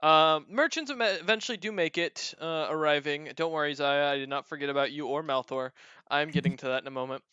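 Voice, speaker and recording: Bright-voiced male game master. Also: a little high, fairly quick, clear, resonant tone, no echo, muffled recording. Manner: relaxed, with frequent fillers. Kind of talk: narrating a tabletop game.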